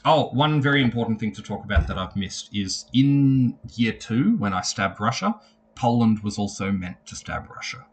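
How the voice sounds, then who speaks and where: A man's voice: fairly low pitch, lively intonation, normal speed. A man on a headset microphone giving a casual spoken recap of his strategy game, swearing freely and retelling his conversations with growing emphasis.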